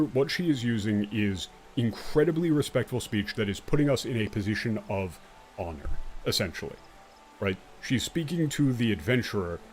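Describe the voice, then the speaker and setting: A man's voice: medium pitch, a little mellow, a little hiss or hum. Profane, emphatic game streamer man. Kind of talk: let's play commentary.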